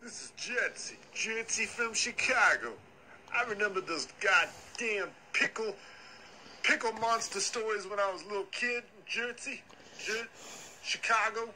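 A man's voice: high-pitched, measured pace, bright, forceful tone, slight background noise, full character voice, low-quality recording. A man voicing a brash, foul-mouthed hothead who rants profanely in a comedy phone message. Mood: ranting. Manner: profane, aggressive ranting.

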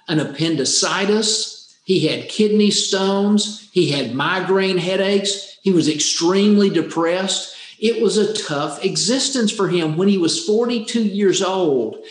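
A man telling a true life story in an earnest way, often repeating words for emphasis. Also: high-pitched. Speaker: speaker on happiness. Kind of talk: storytelling talk. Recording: roomy echo.

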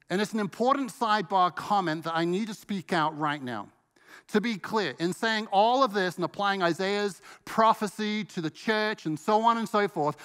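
A man preaching a sermon as pastor, emphatic and slowing down to stress key words. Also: sits high, bright, forceful tone, in a large hall. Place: church sanctuary.

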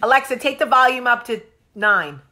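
A woman's voice: on the high side, lively intonation, normal speed, sharp tone, faint music behind. A woman, chatting casually and profanely as a vlog host. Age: 40s. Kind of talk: casual chat.

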